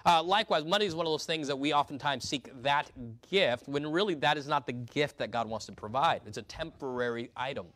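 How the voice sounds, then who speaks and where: A pastor delivers an earnest sermon to his congregation, often restarting and repeating words as he reads scripture aloud. His voice is a little high and a bit bright, moving slightly fast with few pauses. The recording is dry.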